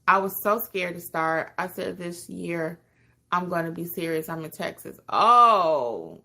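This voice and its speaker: A woman hosting a live stream, reading out viewer comments and answering them in a warm, chatty, emotional way with sudden excited jumps in pitch. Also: moderate pace, gravelly. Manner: calls listeners honey and hon. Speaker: podcast host.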